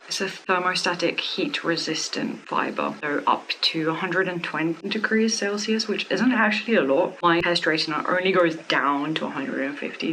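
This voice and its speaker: A woman doing a casual wig unboxing review, gushing with breathy exclamations and dropping into whispers. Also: fairly low pitch, fairly bright tone, a little hiss or hum, rough recording.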